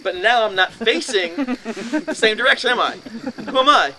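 A man's voice: extremely high pitch, expressive, unhurried, a loud crowd, poor audio. Man telling a story with dramatic bursts. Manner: dramatic, acts out scenes with sudden loud bursts. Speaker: speaker at a haunted-house talk. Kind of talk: animated first-person storytelling.

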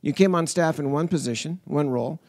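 A man co-hosting a podcast, building a reflective point in a conversational way with quick restarts. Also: on the high side, a little mellow, no echo. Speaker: podcast co-host. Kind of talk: conversational interview.

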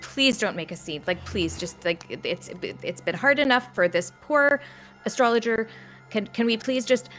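A man's voice: high voice, animated, moderate pace, sharp tone, faint music behind, pitched above the performer's own voice. A woman doing a nervous, pleading husband. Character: anxious human husband, pleading and placating.

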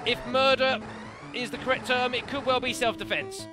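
A man commentating a video game, excitable and self-mocking, yelling at the enemies. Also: very high-pitched, moderate pace. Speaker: let's play commentator. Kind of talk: gaming commentary. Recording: game music behind the voice.

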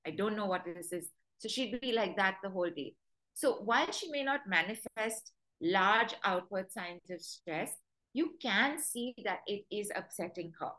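A woman's voice: mid-range voice, lively intonation, measured pace, pushed and bright, rough recording. A woman dog trainer giving a webinar talk, telling stories and acting out what dogs would say. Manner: storytelling, acts out dogs' thoughts in quoted voices.

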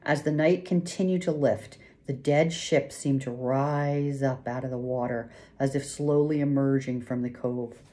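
A woman reading a novel aloud in first person, with measured, hushed suspense. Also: extremely low pitch, fairly even intonation. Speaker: audiobook narrator. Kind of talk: scripted first-person narration.

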